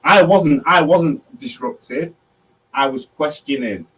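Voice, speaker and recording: A man's voice: a little high, measured pace, a bit bright. A man, co-hosting a casual late-night chat show and telling sweary, boisterous stories. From Manchester, England. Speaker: co-host. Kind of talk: casual banter. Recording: distant mic with faint background noise.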